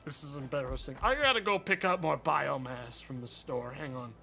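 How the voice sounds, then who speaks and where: A young man streaming a game live, talking to his chat, excitable and swearing often. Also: fairly high pitch, normal speed, gravelly, faint music behind.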